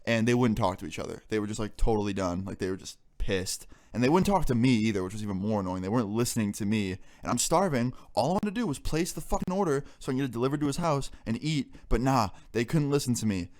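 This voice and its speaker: A man's voice: mid-range voice, expressive, fast, hardly any pauses, darkish tone. A young man telling a story in a casual storytime vlog, exasperated and swearing freely as he goes. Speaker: vlogger.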